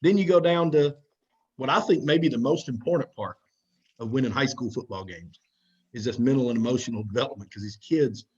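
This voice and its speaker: A man's voice: medium pitch, fairly quick, darkish tone, husky, lo-fi sound. A man talks directly and conversationally through a recorded slide presentation for football coaches. He often repeats himself as he goes.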